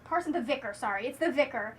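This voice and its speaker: A woman's voice: high voice, expressive, quick pace, slight background noise. A woman reviewing books in a casual vlog, gushing and chatty with lots of "like" and restarts. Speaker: book reviewer.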